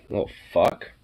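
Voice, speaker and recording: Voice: mid-range voice, fairly bright tone, slightly rough. A streamer in loose, profane, laid-back casual chat while playing a game.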